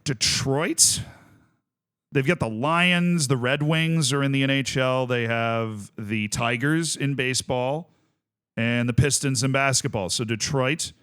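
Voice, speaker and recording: A man's voice: medium pitch, measured pace, fairly bright tone, clear, resonant tone. A young man from Tampa streaming a game, chatting casually and thinking aloud as he lists things and corrects himself. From Tampa, Florida. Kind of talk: casual livestream chat.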